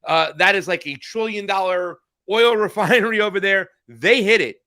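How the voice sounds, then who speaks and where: A man with a high-sitting, bright, forceful voice speaks at a moderate pace. He co-hosts a political news podcast and gets heated in casual chat, swearing and restarting his sentences often.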